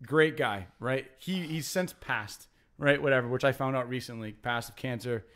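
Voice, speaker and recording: A man's voice: mid-range voice, normal speed, fairly bright tone. A young adult man hosting a podcast, telling a rambling story in casual banter with lots of fillers and restarts. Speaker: podcast host.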